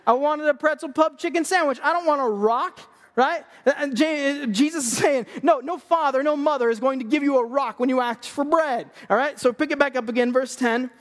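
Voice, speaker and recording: Youthful male preacher, unusually high pitch, lively and jokey, big room echo. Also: moderate pace. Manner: energetic, joking, conversational. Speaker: youth pastor. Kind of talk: sermon. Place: church stage. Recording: long hall reverb.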